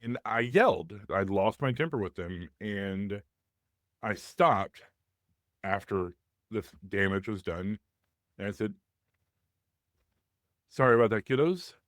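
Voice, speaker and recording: A man's voice: fairly low pitch, slow, long pauses, a bit bright, no echo, studio quality. A man in his thirties who hosts a support group, telling a candid personal story in casual conversation over a video call.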